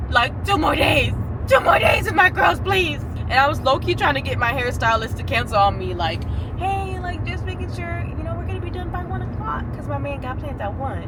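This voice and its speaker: A woman in her twenties chatting casually in a vlog, animated and talkative, a little sick. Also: medium pitch, heavy background noise. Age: 20s. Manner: animated, chatty, squeals when excited. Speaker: vlogger.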